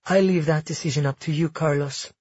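A man's voice: on the high side, fairly even intonation, fairly quick, a little mellow, slightly rough, dry recording, highs cut off. A man voicing a weary, guarded young empress who speaks tightly and coldly in an audiobook, close to his own voice. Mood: cold restraint. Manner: tight, cold.

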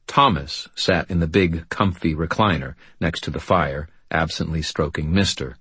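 Man, audiobook narration, very low voice, husky, steady and understated. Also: normal speed, dry recording. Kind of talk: first-person audiobook narration.

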